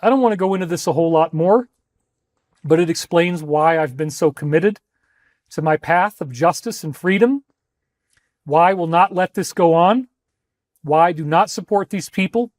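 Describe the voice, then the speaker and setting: A man's voice: fairly high pitch, normal speed, pauses often, no echo, clean studio sound. A man giving an emotional, rambling lecture to an audience, intense and pleading.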